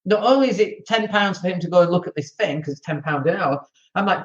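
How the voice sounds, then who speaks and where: An excitable Northern English man hosting a podcast, talking casually about running rental properties with mock outrage. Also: sits high, quick pace, dull audio. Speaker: podcast host, landlord. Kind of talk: animated casual talk.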